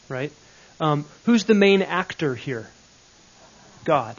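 A man's voice: fairly high pitch, expressive, slow pace, muffled recording. A man teaching a Bible grammar lesson, explaining step by step and checking in with questions.

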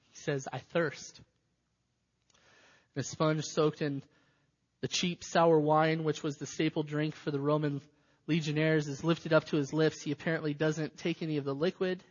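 A man preaching with a slightly high voice, swinging from shouted cries down to hushed lines. His voice rings out through a large hall with a long reverb tail, and the sound is a bit dull and muffled. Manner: dramatic, swinging from loud cries to near-whispers. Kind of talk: sermon.

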